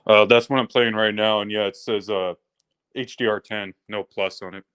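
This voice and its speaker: A man chatting casually as a guest on a live stream, relaxed and friendly. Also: lowish voice, normal speed, smooth. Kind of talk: casual chat.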